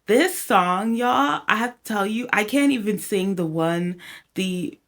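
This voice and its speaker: A woman's voice: medium pitch, lively intonation, a little slow. Chatty woman vlogging from her home studio. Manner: chatty, rambling, says "y'all" and "like" often. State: a little out of breath at times. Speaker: songwriter and home producer. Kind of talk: casual vlog talk to camera. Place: home, recording at a laptop.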